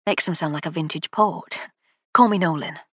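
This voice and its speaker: A woman's voice: lowish voice, normal speed, a bit bright, husky, no room sound. A woman voicing an affable middle-aged man from Lancashire with a northern English accent, talkative and genial.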